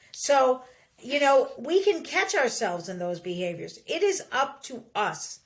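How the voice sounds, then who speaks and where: A middle-aged woman with a high voice hosts a podcast, giving casual advice at a measured pace. She's lively and acts out the voices of those she quotes.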